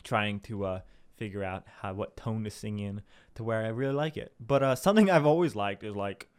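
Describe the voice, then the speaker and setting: Smooth-voiced young man rambling casually. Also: on the low side, brisk, a little mellow. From Southern Illinois. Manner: chatty, self-deprecating, full of fillers and swearing. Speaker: podcast host.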